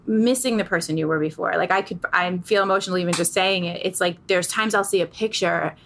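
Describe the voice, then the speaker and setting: A middle-aged woman speaking candidly as an interview guest, earnest and animated, explaining through vivid analogies. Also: on the low side, fairly quick, slight background noise.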